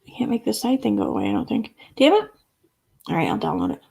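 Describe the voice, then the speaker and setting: A woman's voice: extremely low pitch, huge pitch swings, rapid-fire, creaky, dark tone, husky. A woman hosting a casual livestream, rambling and reading chat comments aloud, with the odd curse word. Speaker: livestream host.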